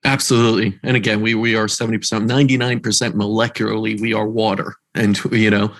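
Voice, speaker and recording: A man's voice: on the low side, flat delivery, fast talker, fairly bright tone. A man hosting a podcast interview, asking long, rambling questions with eager enthusiasm. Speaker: podcast host. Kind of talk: casual interview talk.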